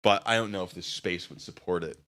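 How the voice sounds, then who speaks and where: A man's voice: deep voice, a little fast, a bit bright. A man chatting casually on a live stream, rambling and hesitant, with many fillers.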